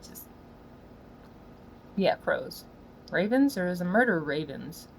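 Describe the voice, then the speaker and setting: Woman cussing up a storm on a solo rant, mumbles low then yells loud, faint noise behind. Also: big pitch swings, takes it slowly, gravelly, low-quality recording. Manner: swings from low muttering to loud yelling; swears constantly, slangy. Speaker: solo podcaster. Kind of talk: profane ranting monologue.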